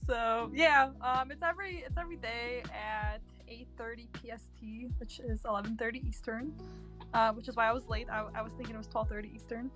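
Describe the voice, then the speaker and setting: A woman with a fairly high voice chats casually in an online audio room, filling her talk with likes and ums and laughing often. Faint music plays softly behind her. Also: steady tone, brisk. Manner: chatty, laughing, many fillers. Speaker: community member giving metaverse news. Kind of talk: casual Twitter Space chat.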